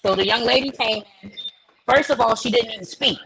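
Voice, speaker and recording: A woman hosting a live chat, telling an animated story and acting out the dialogue. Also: on the high side, a little fast, creaky, low-quality recording. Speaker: host.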